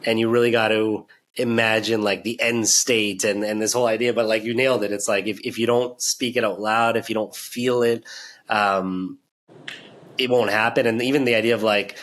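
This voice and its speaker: A man hosting a podcast, chatting in a relaxed, reflective way with frequent restarts and casual fillers. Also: on the low side, moderate pace. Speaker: podcast host. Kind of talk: casual chat.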